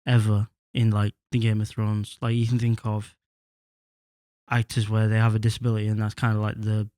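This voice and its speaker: A man's voice: on the low side, monotone, normal speed, dark tone, no room sound, studio quality. A man in casual chat, speaking loosely with slang.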